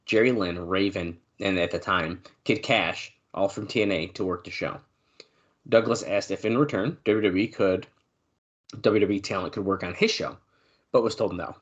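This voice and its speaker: Deep-voiced man reading wrestling notes. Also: lo-fi sound. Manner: relaxed, reads off notes with fillers and throat clearing. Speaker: podcast co-host. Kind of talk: casual podcast chat reading news notes.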